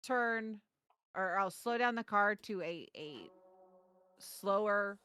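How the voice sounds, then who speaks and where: A woman's voice: medium pitch, slow, bright, forceful tone, clear, resonant tone. A woman playing a tabletop game, thinking aloud about her character's moves. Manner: thinking aloud, hesitant with restarts. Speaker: player. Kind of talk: tabletop role-play.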